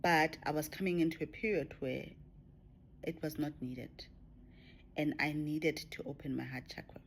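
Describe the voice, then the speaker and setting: Female vlogger with a low voice, reflective and intimate; light background noise. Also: normal speed, gravelly. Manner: reflective, drifts into soft whispers and laughs. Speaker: spiritual vlogger. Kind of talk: personal spiritual talk to camera.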